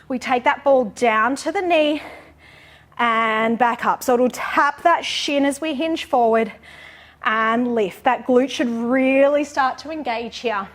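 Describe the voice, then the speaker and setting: A young woman teaching a pilates class, counting reps aloud and cueing form encouragingly while out of breath. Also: high voice. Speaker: pilates instructor.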